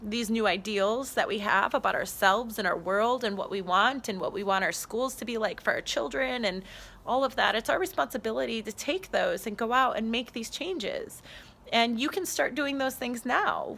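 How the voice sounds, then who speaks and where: Woman, spiritual vlogger; earnest, heartfelt delivery, bright tone with a gravelly edge, phone mic outdoors. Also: fairly high pitch, moderate pace. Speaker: spiritual channeler. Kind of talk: casual spiritual vlog. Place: outdoors on a trail.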